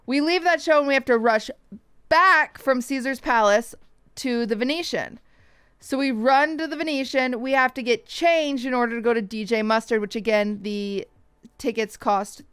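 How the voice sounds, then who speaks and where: Young woman, streamer, casual storytelling, high-ish voice, smooth clear tone, dry sound. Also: no echo. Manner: animated, swears freely, mimics others in quick asides.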